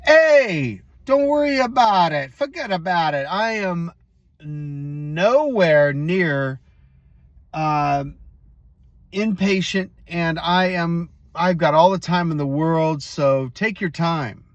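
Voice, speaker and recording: A man's voice: fairly high pitch, animated, slow, no room sound, lo-fi sound, voice pushed up. A man voicing a laid-back Italian-American man with a New York accent, calling out across a store counter. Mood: breezy. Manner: breezy, shouting across the counter.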